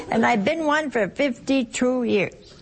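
Older woman, nun and TV host; unhurried, lively spiritual teaching with an easy chuckle. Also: medium pitch, very noisy. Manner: folksy and playful, chuckling often between points. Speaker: nun hosting a call-in television program. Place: television studio.

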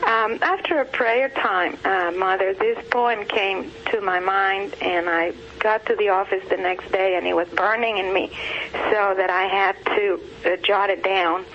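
Caller on a muffled phone line, a bit hesitant then reads a poem slow and steady, faint hiss. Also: mid-range voice. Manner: hesitant, then measured and recited. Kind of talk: phone call reading a poem.

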